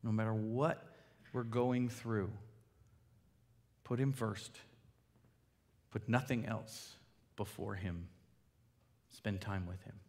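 A man preaching a sermon as pastor, earnest and pleading, dropping to hushed appeals and rising to emphatic points. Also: on the low side, fairly even intonation, takes it slowly, long pauses. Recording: hall reverb.

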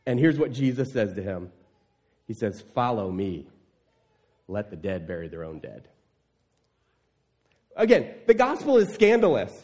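A man's voice: lowish voice, big pitch swings, measured pace, pauses often, mellow. A male pastor preaching a sermon in an emphatic, conversational way, often asking the congregation rhetorical questions.

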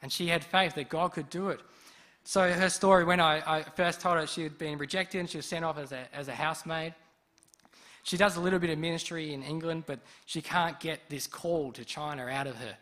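A man preaching a sermon, telling a story in a lively way and acting out the people in it. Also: fairly high pitch, fairly quick. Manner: lively storyteller who acts out quoted speech.

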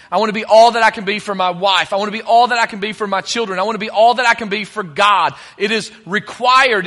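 High bright-voiced male pastor preaching. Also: long reverb tail. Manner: conversational, with joking asides. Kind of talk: sermon.

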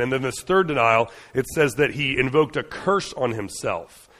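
A man delivers a sermon in an earnest, conversational manner, his voice sitting at an ordinary middle pitch. He talks it through loosely, doubling back on his words. His voice rings out with the long reverb of a large hall. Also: moderate pace, a bit bright. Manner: conversational and earnest, with frequent restarts and fillers. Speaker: preacher.

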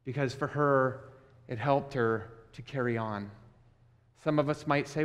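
A man preaching a sermon as pastor, shifting from soft storytelling to fervent emphasis. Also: medium pitch, measured pace, big-room sound.

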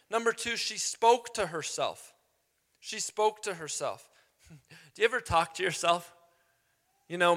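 Young pastor guy preaching, high bright voice, big echoey hall. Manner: storytelling with humor, animated asides. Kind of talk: sermon. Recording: reverberant hall.

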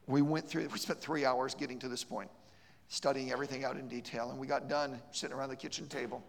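Gravelly preacher in a reverberant church. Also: male voice, medium pitch, steady tone, fast. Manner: emphatic, repeats words in restarts, storytelling. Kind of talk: sermon. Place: church sanctuary.

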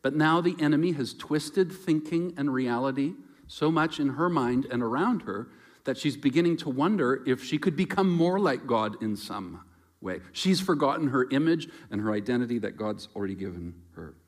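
A man preaching a sermon in a reflective, conversational way, moving between loud emphasis and quiet asides. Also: mid-range voice, expressive, normal speed.

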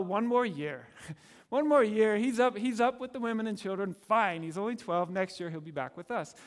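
A man preaching a sermon in a conversational, animated way, often laughing and acting out the people in the story. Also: high-pitched, big-room sound. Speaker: pastor.

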